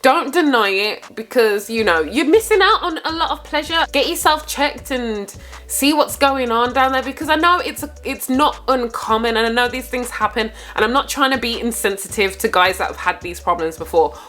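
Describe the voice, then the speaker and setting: A young woman telling a casual storytime to her viewers, animated and exclaiming often, with frequent laughs. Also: on the high side, moderate pace, faint music behind. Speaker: vlogger.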